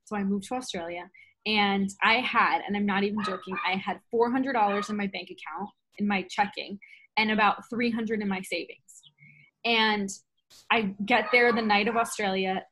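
Animated storytelling woman, slightly husky. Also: medium pitch, moderate pace. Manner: animated, laughs often, acts out quoted dialogue. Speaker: podcast guest, travel blogger. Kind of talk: casual storytelling.

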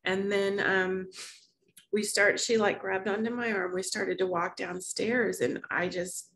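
Woman, vlog host, personal storytelling, emotional, rambling, laughs often, medium pitch. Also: fairly even intonation, measured pace, a bit bright. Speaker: wellness challenge host.

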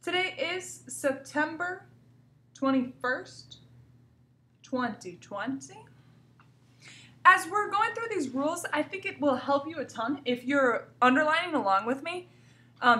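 A woman's voice: high voice, animated, a little slow, sharp tone, distant mic. A woman teacher giving a cheerful, encouraging grammar lesson to young children, speaking to them directly. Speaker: elementary school teacher. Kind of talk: recorded remote grammar lesson. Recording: echoey room, voice from off mic.

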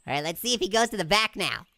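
A woman giving excitable, jokey let's-play commentary as a video game streamer, talking to her viewers as she plays. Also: medium pitch, dry recording.

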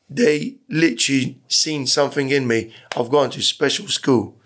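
A man's voice: medium pitch, moderate pace, hardly any pauses, fairly bright tone. A middle-aged man from Iran, a podcast guest telling his story candidly, with rambling talk and frequent swearing. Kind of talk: casual storytelling interview.

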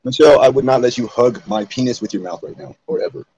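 A man's voice: medium pitch, lively intonation, fast talker, a little mellow, breathy edge, dry recording, rough recording. A man hosting a livestream, arguing with a guest in a bickering, profane, exasperated way. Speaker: livestream host. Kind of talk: heated casual livestream banter.

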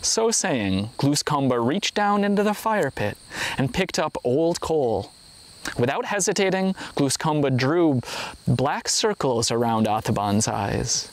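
A man narrating a traditional story aloud in an expressive storytelling manner, with voiced sound effects. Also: mid-range voice, measured pace. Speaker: reader.

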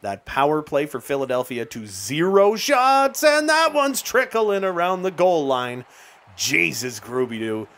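A young man with a slightly high voice calls his hockey video game play-by-play. His tone is casual and slangy, and it jumps into excited shouts whenever a play comes together. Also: a little slow. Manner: play-by-play calling with bursts of excitement and laughs; casual, slangy, talks straight to viewers. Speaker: gaming YouTuber. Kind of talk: excited gameplay commentary.

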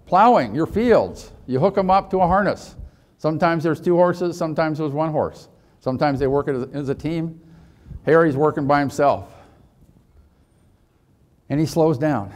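A man's voice: fairly high pitch, a little mellow. Male leadership trainer, storytelling workshop talk, asks the room lots of questions. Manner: rhetorical questions to the audience.

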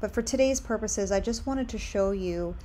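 A woman's voice: mid-range voice, normal speed, mellow. A young woman talking casually as she clicks through design tools in a tutorial, upbeat and full of recommendations. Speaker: candle brand owner. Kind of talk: screen-share tutorial.

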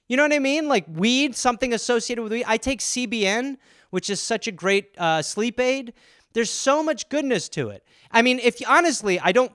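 Man, comedy podcast host, profane rambling riffs, smooth clear voice, dry close mic. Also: very high-pitched, a bit bright, no echo. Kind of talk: solo comedic riffing.

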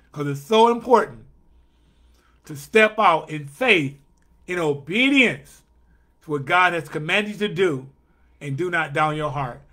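A male pastor preaching a sermon with an emphatic, repetitive cadence, slowing down to stress key phrases. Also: high voice, pushed and bright.

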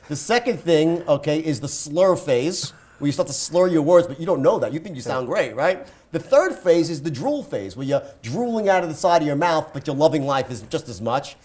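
A man telling a wild story as a guest speaker, in an animated way and acting out the voices he quotes. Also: fairly high pitch, a little fast, few pauses.

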